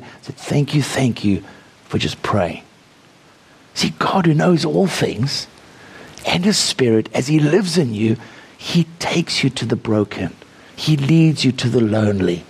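A man's voice: medium pitch, husky. A man preaching a sermon, telling stories and praying aloud with rising fervor. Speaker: visiting preacher.

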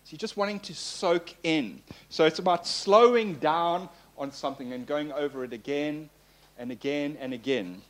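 A man delivers a sermon in an animated, playful way, circling back over phrases to press them home. His voice sits a little high for a man. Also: moderate pace. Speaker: pastor. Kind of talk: sermon teaching.

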